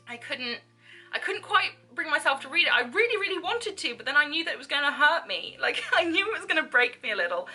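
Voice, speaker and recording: A woman's voice: high-pitched, pushed and bright. A young woman chatting casually and enthusiastically about books she read, with frequent fillers. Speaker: book vlogger. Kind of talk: casual reading wrap-up chat.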